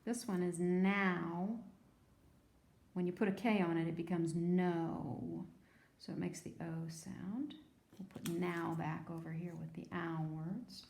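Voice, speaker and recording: A woman teacher giving a phonics lesson to young children, sounding out words slowly and patiently. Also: lowish voice, vocal fry, a little mellow, roomy sound.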